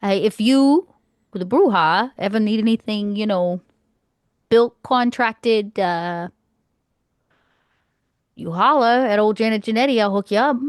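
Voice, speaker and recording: A woman's voice: medium pitch, unhurried, long pauses, smooth, no room sound, studio quality, natural voice. A woman voicing a street-smart businesswoman with a Boston accent in a tabletop game, folksy and hustling.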